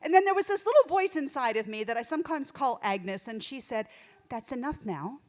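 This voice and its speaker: A woman's voice: high voice, sing-song, a little fast. A middle-aged woman from Texas doing a rambling, self-deprecating stand-up set on a small theater stage. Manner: rambling, self-deprecating, lots of fillers and restarts. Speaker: stand-up comedian.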